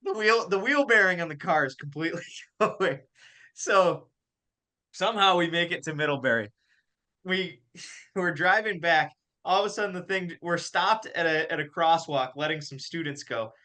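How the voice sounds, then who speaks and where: A young man hosting a hockey podcast, telling a story in a casual, animated way and laughing as he goes. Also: on the high side, normal speed. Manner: animated, laughs through his stories. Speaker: podcast host and college golf coach.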